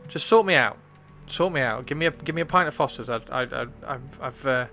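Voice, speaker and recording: A man's voice: mid-range voice, brisk, creaky, pushed and bright, faint music behind. A man voicing a persistent male snail who stammers and begs for a drink. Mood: pleading. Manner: begging, stammering, insistent.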